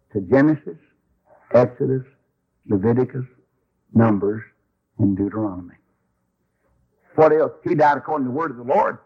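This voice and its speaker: A man's voice: mid-range voice, breathy edge, muffled recording. A man preaching a sermon in a folksy, emphatic storytelling way. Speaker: Baptist preacher.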